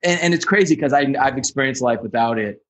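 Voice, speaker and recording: A man's voice: medium pitch, quick pace, fairly bright tone. A man hosting a podcast interview, talking candidly and casually and repeating words as he goes. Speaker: podcast host.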